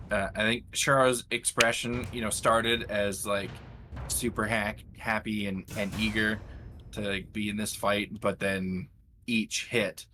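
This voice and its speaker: Give me a man with a lower voice describing his character's fight, hesitant, over clear music. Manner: hesitant, many fillers. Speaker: player.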